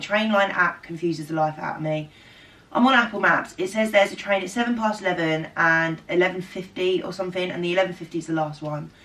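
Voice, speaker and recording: A woman, telling a long story to camera in a casual, animated way, swearing freely and acting out what people said. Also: lowish voice, recorded from a distance. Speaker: vlogger.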